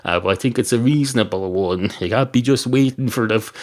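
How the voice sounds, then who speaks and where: A man's voice: fairly low pitch, fast, a little mellow. An Irish man hosting a podcast from his small spare bedroom, delivering a rambling, self-mocking comedy monologue full of ums and uhs. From Ireland. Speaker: podcast host.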